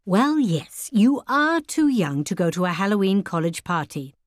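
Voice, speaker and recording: A woman's voice: medium pitch, expressive, moderate pace, dry recording, clean studio sound, close to an everyday voice. A woman voicing a protective middle-aged mother who speaks in a patient, soothing but firm way.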